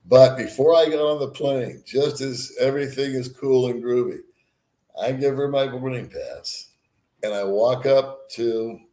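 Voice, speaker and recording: A man's voice: medium pitch, dark tone, roomy sound. An older man vlogging, telling a rambling travel story, swearing freely and chuckling at himself. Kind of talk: casual storytelling.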